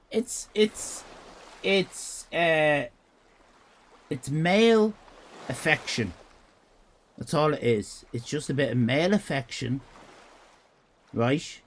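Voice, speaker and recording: A man's voice: on the high side, expressive, slow pace, pauses often, slight background noise. A man with an Irish accent chatting casually on a live stream while drawing. He talks in a crude, rambling, irreverent way and reads out comments from chat. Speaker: livestreamer.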